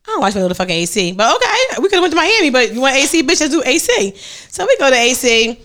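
A young woman hosts a podcast and talks fast, her voice sitting high and swooping all over as she tells a story. Her chat is casual and blunt, full of swearing and animated energy. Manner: animated, profanity-laced storytelling. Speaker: podcast host.

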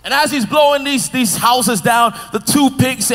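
A man preaching a sermon, playfully retelling a children's story to the crowd in an animated, engaging way. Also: very high voice, normal speed, hardly any pauses. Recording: long hall reverb.

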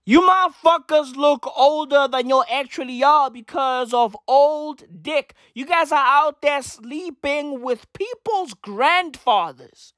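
A woman's voice: sits high, takes it slowly, hardly any pauses, a bit bright, dry recording, studio quality. A woman ranting in casual commentary, swearing freely and leaning on slang fillers. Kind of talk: profane slangy commentary rant.

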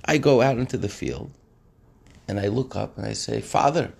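A man putting on the voice of an earnest, emotional simple village man, pleading and anguished, with a husky, creaky tone. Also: lowish voice, normal speed, a little mellow, voice pushed up.

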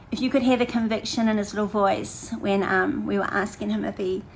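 A woman's voice: fairly high pitch, a little hiss or hum, rough recording. Chatty older woman pastor. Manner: chatty, animated, laughs often, repeats phrases. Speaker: women's ministry leader. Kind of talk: casual livestream chat to a women's group.

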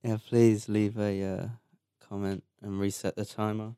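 A man's voice: lowish voice, little pitch movement, measured pace, warm tone, clear, resonant tone, no echo, clean studio sound. A young man co-hosting a podcast, teasing his friend and laughing a lot in casual chat. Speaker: podcast co-host.

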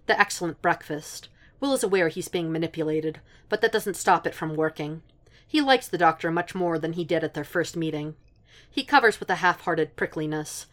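A woman reading a piece of fan fiction aloud as audiobook narration, in a steady, even storytelling manner. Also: deep voice.

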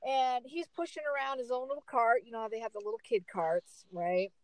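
Middle-aged woman, higher voice, lively swooping pitch, dry close sound, emphatic storyteller. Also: brisk, no echo, poor audio. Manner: animated, emphatic storyteller with big swings in pitch. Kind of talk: casual storytelling chat.

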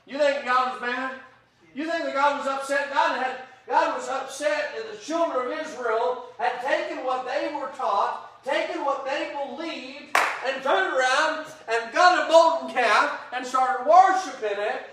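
A man preaching an interactive Bible teaching sermon, animated and quick to act out God's anger. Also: very high-pitched. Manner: animated, acts out God's angry voice, rising to shouts. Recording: roomy echo, voice from a distance.

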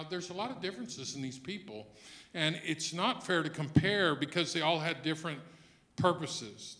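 A man preaching a sermon in a church, dropping to a hush and then rising to loud emphasis as he acts out quoted lines. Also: sits high. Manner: swings between hushed and loud emphasis. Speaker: pastor. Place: church hall.

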